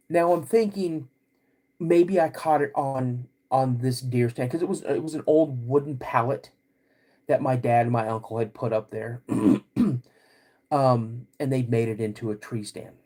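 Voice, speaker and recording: A man hosting a podcast, recounting a personal story in a halting, vivid way with many restarts. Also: on the high side, dark tone. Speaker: podcast host.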